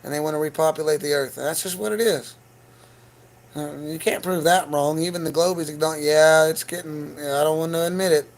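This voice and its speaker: A man's voice: on the high side, fairly even intonation, a little fast, rough recording. A man hosting a livestream from home, ranting in a profane, agitated, rambling way. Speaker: livestream host. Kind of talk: casual livestream rant.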